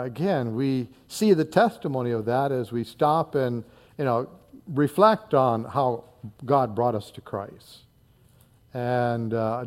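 This man's medium-pitched voice has a darkish tone. He's a pastor in his sixties from northern Indiana, delivering an earnest, conversational sermon peppered with fillers and words said twice.

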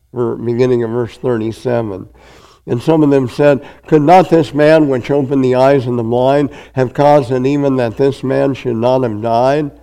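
A male pastor reads scripture aloud during a sermon and drives home each point with emphatic, drawn-out phrasing. His voice is mid-range and warm, though the recording quality is low.

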